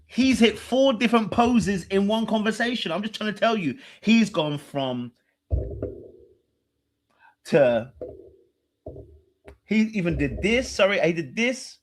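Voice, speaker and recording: A man hosts a casual reaction show, talking to his chat. His voice sits a touch high for a man. He teases, laughs, and drops to a hush when he mimics others. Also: slow, pauses often, a little hiss or hum. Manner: animated, teasing, laughs, mimics people in a hushed voice. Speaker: podcast host reacting to a dating show.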